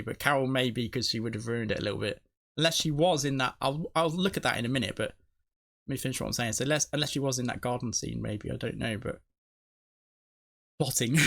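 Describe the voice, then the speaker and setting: A man's voice: mid-range voice, fairly bright tone. A man hosting a TV reaction video, talking casually and emotionally as he thinks aloud, often restarting his sentences. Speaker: TV reaction channel host.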